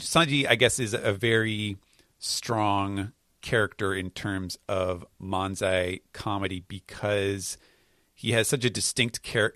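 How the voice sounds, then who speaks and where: A man's voice: fairly low pitch, pushed and bright, no room sound, clean studio sound. A man hosting a casual podcast chat, explaining things hesitantly with many fillers and restarts. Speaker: podcast host. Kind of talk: casual chat recapping comics.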